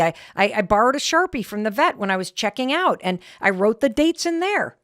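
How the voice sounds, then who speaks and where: A middle-aged woman hosts her podcast, telling a story on herself with animated, self-deprecating energy. Her pitch swings widely as she talks, and the sound is dry and close. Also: brisk, hardly any pauses, no echo. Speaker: podcast host. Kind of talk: casual talk to listeners.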